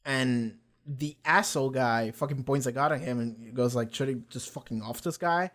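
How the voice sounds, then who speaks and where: A man's voice: mid-range voice, normal speed, few pauses, a bit bright. Young man rambling about a show. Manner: loose and rambling, swears a lot, many fillers. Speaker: reaction video host. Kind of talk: casual episode discussion.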